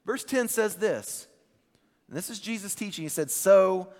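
A man delivers a sermon in a relaxed, chatty manner, repeating words as he gathers his thoughts. His voice sits a little high for a man. The sound carries a long reverb from the church hall. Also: moderate pace. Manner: casual, conversational preaching with restarts and "like". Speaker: pastor.

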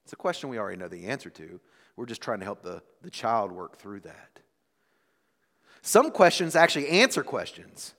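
A man in his thirties preaching a sermon as a pastor, with dramatic swings between loud and hushed delivery. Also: on the low side, very animated, normal speed. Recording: long reverb of a large hall.

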